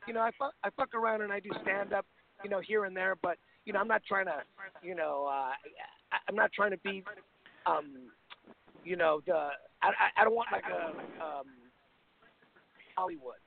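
Gravelly man on a phone line. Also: high-pitched, moderate pace, long pauses, a little hiss or hum. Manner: relaxed, many fillers. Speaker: guest on the phone. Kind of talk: casual phone interview.

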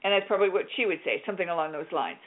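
A woman hosting a radio show, coaching a caller with lively, directive talk and acting out little scenes. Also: on the low side, racing, phone-quality sound. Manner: directive and animated, plays out scenes. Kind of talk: on-air coaching chat.

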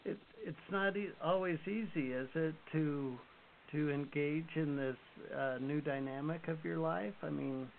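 Man, interview host, slow-paced, hesitant, tinny phone line. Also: fairly high pitch, vocal fry, slight background noise. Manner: slow, hesitant, searching for words. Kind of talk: casual interview chat.

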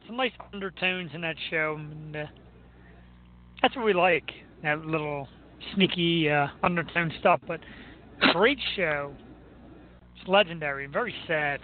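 A man's voice: on the high side, a little hiss or hum. A man hosting a radio show, chatting casually in a joking, self-mocking way. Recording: tinny phone-like line.

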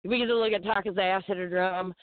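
A woman's voice: mid-range voice, steady tone, brisk. Profane, laughing woman storyteller on phone line. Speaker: guest fighter. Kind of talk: casual podcast storytelling.

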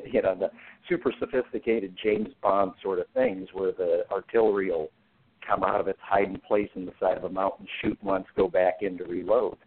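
A male guest on a talk show, telling anecdotes in a relaxed way and laughing often. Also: deep voice, normal speed, slight background noise. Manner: anecdotal, chuckles while telling stories. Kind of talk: casual talk show discussion. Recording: tinny phone line.

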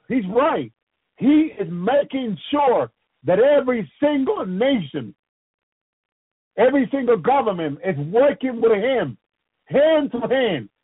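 A man preaches a fervent, repetitive sermon in a husky, high-pitched voice. He keeps circling back to prayerful refrains, and the sound is dry and narrow, like a phone line on the radio. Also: dry recording. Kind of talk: impassioned sermon on a radio program.

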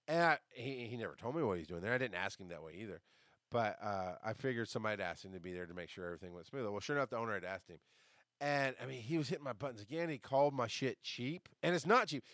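A man hosting a podcast, telling a story in a casual monologue, jumping between loud outbursts and quiet asides and swearing as he rants. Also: medium pitch, dry recording, clean studio sound. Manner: swears casually while ranting. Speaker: podcast host.

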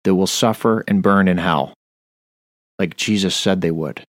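A man's voice: low voice, unhurried, no room sound, studio quality. A man preaching a Bible study on a radio show, earnest and stern, reading scripture aloud. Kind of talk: sermon-style Bible study.

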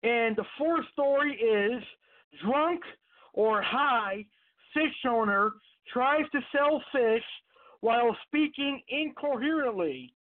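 A man's voice: very high-pitched, slow. Man telling stories over a tinny phone line. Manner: rambling, with frequent fillers and restarts. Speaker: podcast host. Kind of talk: casual storytelling.

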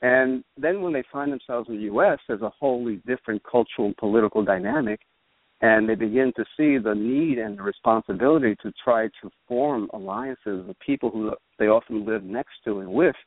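A man, a political theorist as guest, explaining in a measured way and often checking with "right?". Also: mid-range voice, sing-song, creaky, no echo. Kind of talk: explanatory interview talk. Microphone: phone. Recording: tinny dry phone line.

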